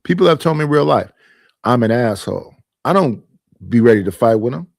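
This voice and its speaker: A man's voice: mid-range voice, lively intonation, fairly quick, creaky, darkish tone, no room sound, clean studio sound. A man hosting his own stream, arguing his points emphatically and repeating them in a casual monologue. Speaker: streamer and panel host.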